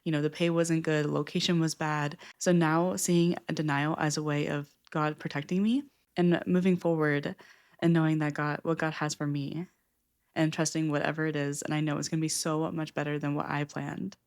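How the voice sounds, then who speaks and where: Low-voiced earnest young woman vlogger. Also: little pitch movement, moderate pace. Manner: earnest, open, with frequent "like" fillers. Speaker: self-help book vlogger. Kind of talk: candid personal reflection.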